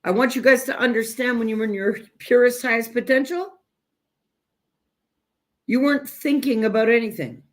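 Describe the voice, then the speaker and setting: A woman teaching self-growth in a direct spiritual talk, speaking emphatically and deliberately and addressing listeners as "you guys". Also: a little high.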